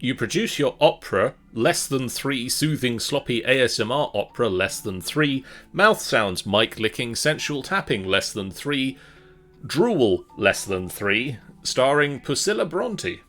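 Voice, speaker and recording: A man's voice: medium pitch, big pitch swings, a little slow, a bit bright, faint music behind. Wry male game master narrating.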